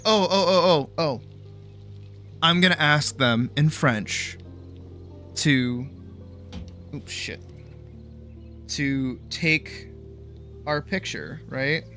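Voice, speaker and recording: A man from Boston, a streamer telling a goofy travel story in a casual, animated way, swearing freely. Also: a little high. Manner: animated, swears, laughs often.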